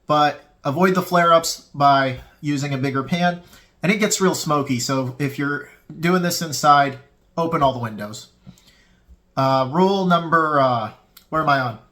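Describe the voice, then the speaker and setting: Talking loosely to viewers and eating along the way, a fitness cooking host gives a casual tutorial in his home kitchen. His voice is a little high, a touch bright, and slightly slow, picked up by a tripod-mounted camera mic.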